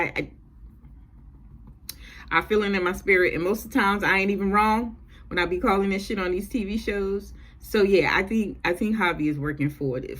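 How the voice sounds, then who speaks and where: A woman chatting casually through a TV episode recap, animated and profane, with features. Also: lowish voice, slightly rough. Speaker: recap vlogger.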